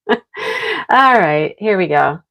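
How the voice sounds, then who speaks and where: A woman's voice: lowish voice, expressive, drawn-out words, bright, forceful tone. A woman hosting a live craft stream, chatting casually and greeting viewers by name while she works. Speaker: craft livestream host.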